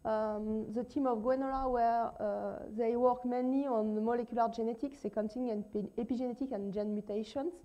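A woman with a strong French accent, a native French speaker, giving a conference presentation as a visiting research scientist, speaking slowly and carefully with many fillers. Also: on the high side, steady tone, lo-fi sound. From France. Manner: slow, careful speech with many fillers and shy laughs.

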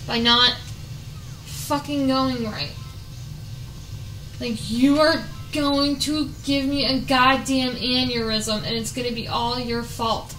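A woman gaming on camera, swearing and venting frustration at the game as she plays, often breaking into shouts. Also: high-pitched, echoey room, low-quality recording. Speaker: gaming YouTuber. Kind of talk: casual let's play commentary.

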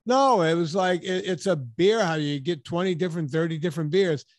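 A man's voice: a little high, a little fast, no room sound. A man hosting a podcast, telling a story in casual chat and acting out the dialogue, with some casual swearing. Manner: animated storyteller, acts out dialogue. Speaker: podcast host.

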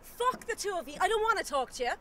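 An actress with a Cork accent playing a young woman done with two cheating lovers, shrill and sharp when she shouts. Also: sing-song, quick pace, noisy background. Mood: fed up. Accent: Cork Irish. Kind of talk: film acting.

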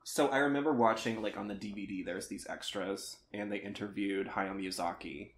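A man's voice: lowish voice, steady tone, moderate pace, slight background noise. A man co-hosting a podcast in casual chat, rambling and sometimes losing his train of thought. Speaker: podcast co-host.

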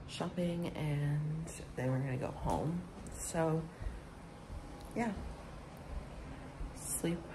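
A young man with a raspy voice, chatting casually to his vlog camera, swearing and dropping to whispers. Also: a little high, noisy background. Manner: frequent "like" fillers, swearing, drops to whispers. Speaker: vlogger.

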